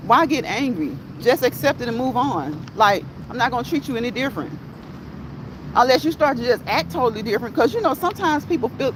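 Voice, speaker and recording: A live-stream host chatting casually while walking outdoors, slangy and laughing often. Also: mid-range voice. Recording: outdoor traffic noise.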